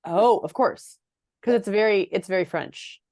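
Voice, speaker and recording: A woman's voice: mid-range voice, unhurried, darkish tone, dry recording, clean studio sound. A woman co-hosting a podcast over a video call, chatting casually and laughing often. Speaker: podcast co-host. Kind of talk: casual chat.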